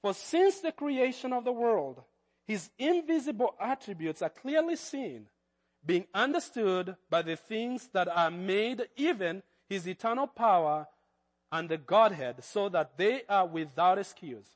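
A man's voice: high voice, lively intonation, a little slow, in a large hall. A man with a Kenyan accent preaching a sermon as pastor, with hesitant fillers that build to fervent emphasis.

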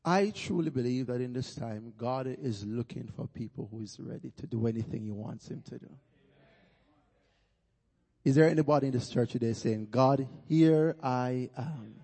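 A man's voice: medium pitch, moderate pace, gravelly, dark tone, breathy edge. A Jamaican man preaching as a guest pastor in a church, rousing the congregation with calls for praise. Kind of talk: sermon. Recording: long church-hall reverb.

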